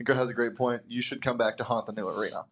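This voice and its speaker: A man's voice: medium pitch, fast. A man co-hosting a casual sports podcast, joking around with the others. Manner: jokey, lively intonation. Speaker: podcast co-host.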